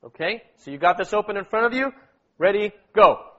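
A man preaching to a congregation in a high, lifted voice, coaxing the room to read along and calling out short prompts. The sound is dull and lo-fi, as from a modest recorder. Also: expressive, quick pace, fairly bright tone. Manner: exhorting, repeats words, prompts the congregation with "okay?" and "amen". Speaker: pastor leading a church meeting. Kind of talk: sermon with group scripture reading.

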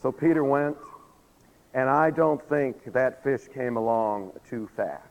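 A man's voice: medium pitch, slow pace, gravelly. A man preaching a sermon, telling a story animatedly, acting out the quotes and asking the congregation questions, while losing his voice. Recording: long hall reverb.

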